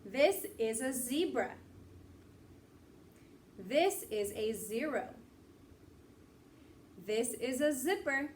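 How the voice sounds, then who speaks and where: A woman with a fairly high voice leads a phonics lesson for small children, sounding words out slowly and cheering them on. She is a little off-mic, with faint room noise behind her. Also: animated, a little mellow, recorded from a distance. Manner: slow, clear, encouraging teacher talk. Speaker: teacher.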